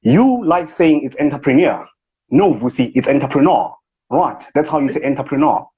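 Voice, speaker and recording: In a live chat, a man does a comic impression of a self-important male motivational speaker, using a fake posh accent and smug, grandiose boasting. His voice sits a little high and is animated, with a darkish, slightly rough tone at a moderate pace. Sound quality is dull, lo-fi livestream audio.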